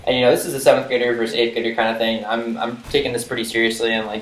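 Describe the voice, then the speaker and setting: A man's voice: medium pitch, little pitch movement, very fast, hardly any pauses, a bit bright. A young man casually telling a story from his school days, rambling with lots of "like" and "you know". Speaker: vlogger. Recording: roomy echo with faint noise.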